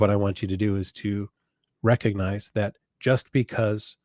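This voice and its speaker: Man, low voice, dry close sound, earnest psychologist answering questions live, repeats points, slows for emphasis. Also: darkish tone, no room sound. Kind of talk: live online Q&A advice.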